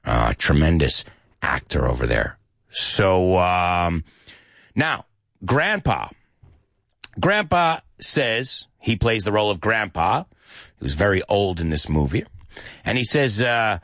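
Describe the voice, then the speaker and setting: A man teaching English with movie scenes, acting out lines in a lively voice and adding short glosses. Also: takes it slowly, long pauses, no room sound, studio quality. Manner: lively, acts out quoted lines in higher pitch, mixes in Spanish glosses.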